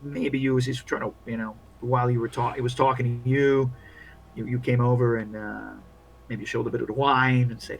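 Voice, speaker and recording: A man's voice: mid-range voice, little pitch movement, fairly quick, vocal fry, slight background noise, rough recording. A man narrating as game master of a tabletop game, in a loose, casual way with plenty of filler words.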